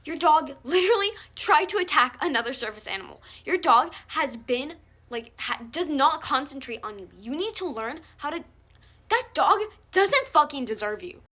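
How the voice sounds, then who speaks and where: A young woman delivers a furious, profanity-heavy rant directly to the camera, calling someone out as a vlogger. Her high, bright voice is very animated and forceful at a normal speed.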